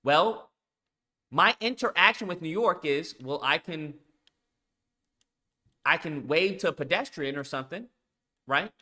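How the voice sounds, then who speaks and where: Male streamer host, animated casual rant, cursing and hammering points, tense bright tone. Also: on the high side, unhurried, pauses often. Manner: emphatic, repetitive, swears often.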